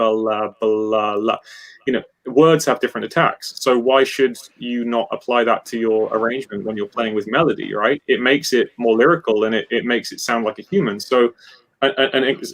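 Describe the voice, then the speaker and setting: Male guest musician, mid pitch, animated technical chat over a video call. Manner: animated, rambling explanations with many restarts. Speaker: guest guitarist.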